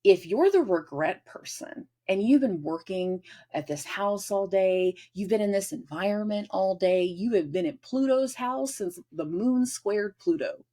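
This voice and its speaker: A woman hosting an astrology channel, giving a casual forecast and acting out everyday scenes in an animated way. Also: mid-range voice, measured pace, few pauses.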